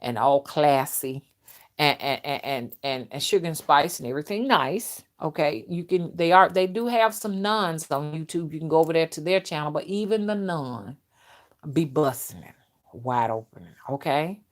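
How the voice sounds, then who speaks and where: An older woman hosting a casual live stream, talking bluntly and loudly to her viewers and laughing often as she reads their comments. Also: sits low, moderate pace. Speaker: spiritual reader and live-stream host.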